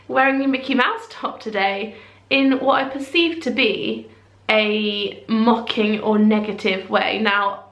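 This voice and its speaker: A woman's voice: on the high side, a bit bright. A woman vlogging to camera in a chatty, self-deprecating way, with rambling asides. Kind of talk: casual talk to camera. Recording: echoey room.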